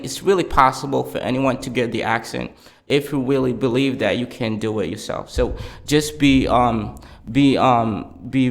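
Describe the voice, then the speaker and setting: A man on a podcast giving motivational advice, padding his sentences with "um" and "just". His voice has a gravelly edge, and he speaks as an at an ordinary pitch. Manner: encouraging, motivational, many fillers. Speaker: podcast co-host. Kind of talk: casual chat.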